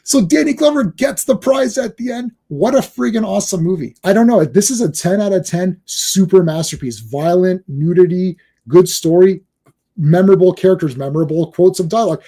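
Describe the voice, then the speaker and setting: A man talking excitedly about a film in a casual podcast chat, quoting and acting out its scenes. His voice sits high for a man and sounds husky and mellow. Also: a little fast. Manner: excited, acts out film lines. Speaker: podcast host. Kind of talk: casual movie discussion.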